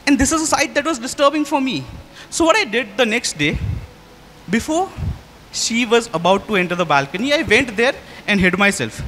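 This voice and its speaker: A young male storyteller with a very high, bright voice addresses his listeners directly. He is chatty and animated, slowing down and speeding up for effect. The sound carries a long hall reverb. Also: a little hiss or hum. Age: young adult. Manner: animated, shifts pace for effect. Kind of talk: live storytelling performance.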